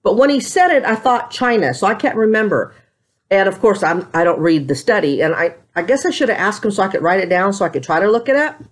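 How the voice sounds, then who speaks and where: A woman's voice: mid-range voice, sing-song, fast. A middle-aged woman chatting casually to camera at home as a vlogger, rambling through her stories.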